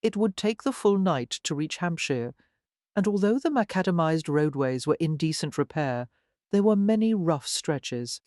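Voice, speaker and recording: An audiobook narrator reading a historical romance in an even storytelling delivery. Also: mid-range voice, normal speed, dry recording, studio quality. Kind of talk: scripted narration.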